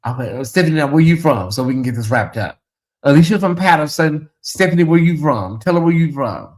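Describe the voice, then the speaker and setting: A man's voice: fairly high pitch, lively intonation, fairly quick. A man hosting a casual late-night livestream in a chatty, drawling way, reading viewer comments aloud and talking to the audience as "y'all". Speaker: livestream host.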